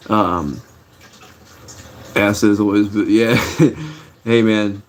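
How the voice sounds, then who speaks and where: A middle-aged man with a slightly low voice talks to his live chat in a loose, rambling way. He tells stories with plenty of fillers and restarts. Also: darkish tone. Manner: laid-back, rambling, many fillers and restarts. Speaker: livestream host. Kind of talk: casual storytelling to a live chat.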